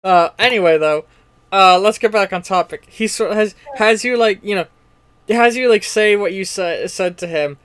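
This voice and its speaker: A man's voice: sits high, moderate pace, fairly bright tone, clear, resonant tone, no room sound. A man running a tabletop game as game master, talking in a loose, joking, rambling way.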